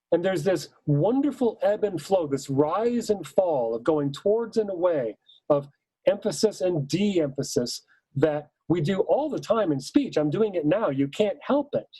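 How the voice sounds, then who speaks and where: A choral music teacher gives an instructional talk on how choirs should shape a musical line, speaking slowly, measured and emphatic, with warm, mellow weight on key words, and singing short hymn phrases to demonstrate. His husky voice sits a touch high for a man. The low-quality recording is dry and close, right at the mic, with no room sound.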